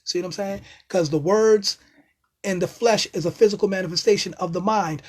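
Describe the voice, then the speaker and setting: A man with a high voice lectures casually on spiritual ideas. His phrasing is loose and streetwise, full of asides, and he turns emphatic and excitable, sometimes bursting into loud exclamations. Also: a little fast. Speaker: self-styled spiritual teacher.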